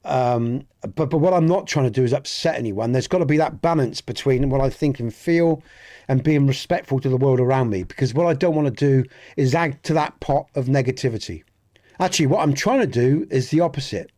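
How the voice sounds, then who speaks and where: Brisk and mellow, a mid-range male voice with a southwest England Dorset accent chats casually with live viewers during a game stream. He rambles in an earnest way, frequently repeating himself and restarting words.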